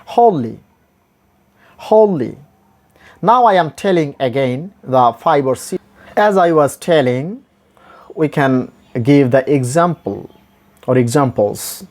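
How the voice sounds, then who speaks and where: An English pronunciation teacher works through a lesson slowly, repeating each example word many times. His slightly mellow voice swings widely in pitch and jumps up sharply on every stressed drill word, with a patient, deliberate delivery.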